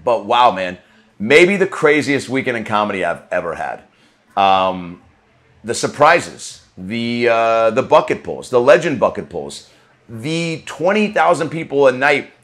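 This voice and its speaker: A man's voice: medium pitch, sing-song, measured pace, fairly bright tone. A male comedian hosting a podcast, riffing in a loose, profane, rambling monologue from a comedy club green room.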